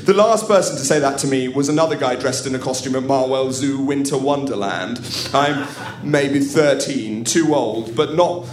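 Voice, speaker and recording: A male comedian storyteller performs a funny tale live, wry and theatrical, with asides tossed to the crowd. He speaks at normal speed with a medium pitch, recorded in the echoey room of the comedy venue.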